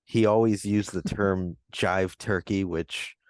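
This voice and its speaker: A man with a fairly low voice telling laid-back stories in a casual podcast chat. His voice sounds dry and close, with no room echo. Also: fairly even intonation, takes it slowly. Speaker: podcast co-host.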